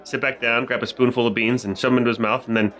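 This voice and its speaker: A man's voice: medium pitch, little pitch movement, fast, fairly bright tone. A man playing a tabletop game, chatty and joking. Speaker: player. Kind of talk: tabletop role-play.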